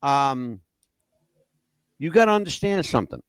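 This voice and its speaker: A man's voice: medium pitch, big pitch swings, a little slow, clean tone, dry recording. A man hosting a podcast, talking in an emphatic, profane, opinionated way. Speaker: podcast host. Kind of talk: casual opinionated chat.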